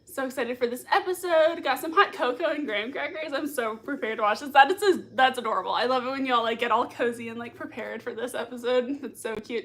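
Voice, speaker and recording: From a room at home, a woman hosting a livestream reads viewer comments aloud and gushes over them, giggling a lot. Her voice is a little high and a bit bright, and she talks a little fast with few pauses.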